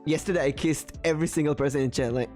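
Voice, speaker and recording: A young woman hosting a casual stream, chatting playfully and giggling often, with soft music behind. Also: low voice, fast talker. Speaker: streamer host. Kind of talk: casual game-show chat.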